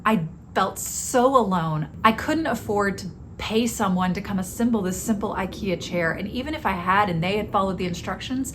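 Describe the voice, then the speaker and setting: Middle-aged woman, podcast host, candid confessional storytelling, mid-pitched voice, faint hiss behind. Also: lively intonation, fairly quick. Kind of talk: personal storytelling monologue.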